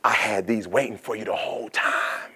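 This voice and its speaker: A man voicing a gentle father who speaks tenderly to his daughter. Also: lowish voice, racing, voice pushed down, close to an everyday voice.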